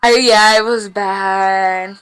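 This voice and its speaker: A woman's voice: medium pitch, fairly even intonation, slow, fairly bright tone, clean tone, faint music behind. A young woman telling wild stories on a casual podcast, slangy and full of swearing, laughing as she goes. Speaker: podcast guest. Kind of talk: casual storytelling. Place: small room with podcast lights and mic.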